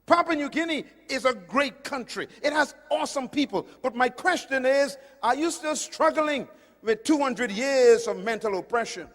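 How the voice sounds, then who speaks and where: A middle-aged man from the Caribbean preaching a sermon, emphatic, swinging between loud declarations and hushed, low passages. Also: expressive, moderate pace. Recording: long hall reverb.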